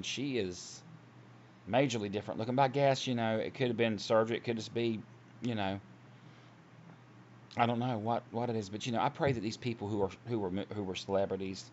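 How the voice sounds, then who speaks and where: A man preaching casually from home, earnest and rambling, with many restarts. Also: on the low side. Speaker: online Christian video preacher. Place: at home, seated. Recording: dull lo-fi audio with faint hiss.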